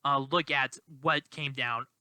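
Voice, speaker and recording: A man giving political commentary in a vlog, halting and indignant, with many restarts. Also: mid-range voice, steady tone, pushed and bright, smooth, dry recording. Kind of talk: commentary vlog, reading quotes aloud.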